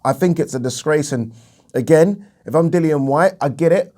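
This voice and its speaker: A fairly high-pitched, slightly mellow English voice delivers a heated solo boxing commentary at normal speed. This opinion vlog rant is indignant and emphatic, full of repetition and free swearing.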